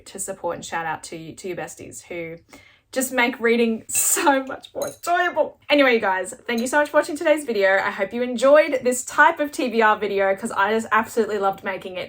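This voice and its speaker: A woman's voice: medium pitch, fairly bright tone. Bubbly Australian woman book vlogger. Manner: bubbly and gushing, chatty with many likes. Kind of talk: casual chat to camera.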